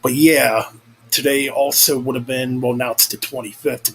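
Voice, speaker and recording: A man's voice: mid-range voice, fairly quick, gravelly, a bit bright, rough recording. Young man, casual vlog, rambling, swearing, restarts mid-sentence, faint noise behind. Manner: rambling, profane, self-correcting. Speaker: vlogger. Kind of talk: casual chat.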